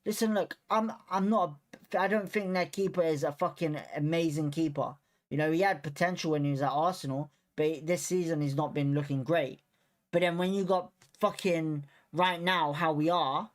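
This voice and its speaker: After the match, the young host of a fan watchalong stream launches into a heated rant in a fairly high-pitched voice. He swears nonstop, repeats the same points in blunt, frustrated bursts, and keeps urging himself to stay calm before blowing up once more.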